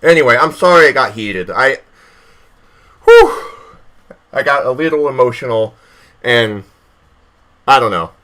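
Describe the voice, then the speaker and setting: A man's voice: mid-range voice, expressive, normal speed, bright, forceful tone, poor audio. A young man hosting a stream, ranting in a profane, repetitive way and reading aloud, stumbling over hard words. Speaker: stream host. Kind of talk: heated political rant and reading aloud.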